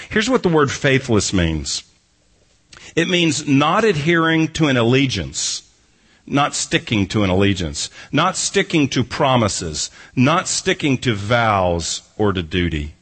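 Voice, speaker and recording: A man's voice: mid-range voice, fairly bright tone. A man preaching an expository sermon who reads a scripture passage and then explains it, driving his points home through emphatic repetition. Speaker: pastor.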